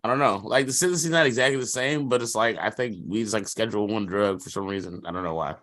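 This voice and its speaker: A man's voice: lowish voice, quick pace, fairly bright tone. A man co-hosting a sports podcast in casual chat, rambling with lots of fillers and slang and laughing often. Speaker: podcast co-host.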